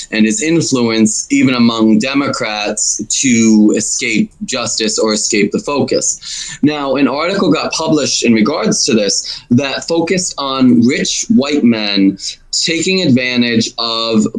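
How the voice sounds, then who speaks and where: A man in a casual stream discussion, mid-pitched with an ordinary voice. He talks in a rambling, winding way, often stopping to correct himself before carrying on. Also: rough recording.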